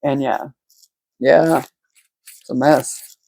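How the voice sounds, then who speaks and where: A woman's voice: extremely low pitch, steady tone, extremely slow, vocal fry, mellow, a little hiss or hum, poor audio. A woman giving a casual, rambling tarot reading from home, talking with lots of fillers and restarts. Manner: rambling, filler-heavy, chatty. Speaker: tarot reader.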